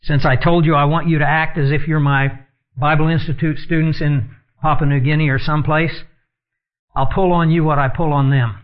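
A man's voice: fairly high pitch, steady tone, moderate pace. A man teaching a sermon in an earnest tone, reading scripture aloud and explaining it. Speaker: Bible teacher. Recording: dull lo-fi recording.

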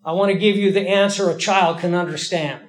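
A male preacher giving a sermon in a folksy, emphatic way, slowing down to stress key lines. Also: high voice, steady tone.

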